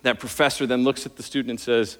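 A man preaches in an earnest sermon voice, pushing harder when he drives a point home. His voice sits at an ordinary middle pitch. A long reverb trails his words, as in a large church sanctuary. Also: fairly even intonation, fast talker, a bit bright. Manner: earnest preaching, rising in intensity on key points. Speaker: pastor.

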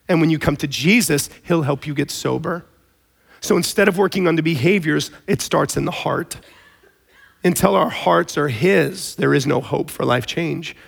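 A man preaching a sermon in a conversational, storytelling way, with animated emphasis. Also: on the high side, creaky. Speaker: pastor.

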